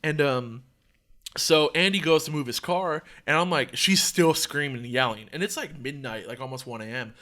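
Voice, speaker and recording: A young man hosting a podcast, telling a story in a casual, profane, animated way. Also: a little high, normal speed. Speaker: podcast host.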